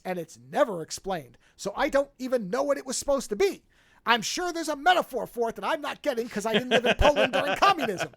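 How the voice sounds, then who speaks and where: A podcast host with a mid-range voice retells a film in casual chat, recorded without echo. The delivery is animated and profane, full of swearing, and the host acts out the characters' lines.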